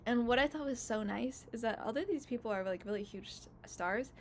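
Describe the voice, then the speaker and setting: A woman's voice: fairly high pitch, a little fast, slight background noise. A woman in her twenties recapping casually for her vlog, gushing and emotional, full of fillers. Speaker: YouTuber.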